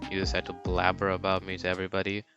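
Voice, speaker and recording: A man's voice: low voice, completely flat delivery, rapid-fire, lo-fi sound, music in the background. A man voicing a cheeky, blunt young woman genius in his own casual voice.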